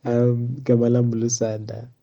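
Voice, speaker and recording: A South African man sending an earnest voice note, halting and restarting as he talks. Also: medium pitch, monotone, warm tone. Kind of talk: recorded voice note. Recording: dull lo-fi voice note.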